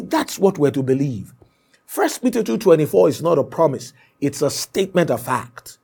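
A man's voice: a little high, creaky, husky. A man preaching a sermon, emphatic and repetitive, often stopping to say "Amen.". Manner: emphatic, repeats points, punctuates with "Amen".

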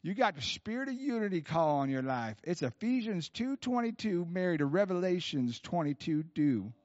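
A preacher doing an old Southern prophet. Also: male voice, sits high, very animated, moderate pace, darkish tone, pitched above the performer's own voice. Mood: folksy, knowing. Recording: dull sound with long hall reverb.

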